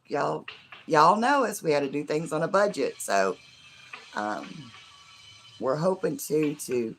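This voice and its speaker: Hoarse middle-aged streamer with a scratchy, gravelly voice; loose, rambling chat full of fillers, over faint background noise. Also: medium pitch. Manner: rambling, chatty, many fillers like "you know". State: hoarse from laughing. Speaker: live stream host. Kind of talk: casual live stream chat with viewers.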